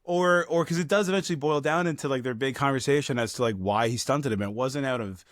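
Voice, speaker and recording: A man's voice: medium pitch, fast, no echo, clean studio sound. Rambling profane podcast co-host, man. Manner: rambling, profane, acts out movie lines. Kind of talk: casual film review chat.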